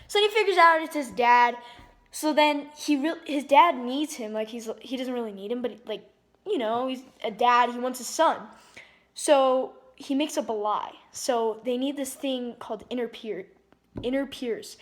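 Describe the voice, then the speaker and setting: A woman's voice: sits high, moderate pace, fairly bright tone. A woman casually retelling a film's plot in a rambling way, full of "like" and restarts. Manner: rambling, heavy use of "like", frequent restarts. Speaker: movie reviewer.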